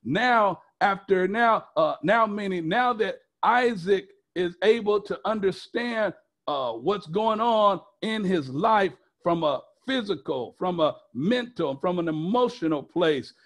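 A male pastor delivering a sermon with a notably high-pitched voice. He preaches emphatically, repeating key phrases again and again and drawing the congregation in with fill-in-the-blank questions. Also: animated, takes it slowly, a bit bright. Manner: repetitive, emphatic preaching with call-and-response questions.

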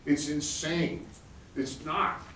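A middle-aged man giving a live conference talk in an animated, excitable way, laughing as he speaks. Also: a little high, slow, slight background noise. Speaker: conference speaker, energy advocate. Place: conference hall. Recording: roomy hall, distant mic, faint ambience.

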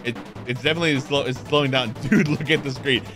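A man streaming a video game, reading the on-screen text aloud and reacting with excitable, profane commentary. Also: mid-range voice, fast, music in the background. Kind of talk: casual gameplay commentary.

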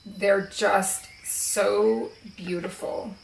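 A woman chatting casually and slowly about her favorite card decks, with relaxed fillers as she shows them. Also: medium pitch, creaky, distant mic, a little hiss or hum. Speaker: spiritual video creator. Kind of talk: casual show-and-tell chat. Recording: roomy echo, voice a bit off-mic.

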